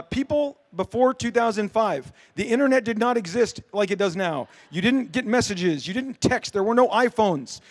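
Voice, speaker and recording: A middle-aged man talks to a convention crowd in a rambling, animated way. His voice sits high for a man. He trips over fillers and restarts and slips into voices for the people in his story. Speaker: comic creator on a convention panel.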